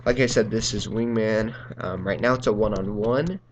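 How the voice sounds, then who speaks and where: A man's voice: fairly low pitch, normal speed, background noise. A young man hosting a gaming channel, telling a casual story over gameplay in a rambling way, full of ums and uhs and laughing through lines.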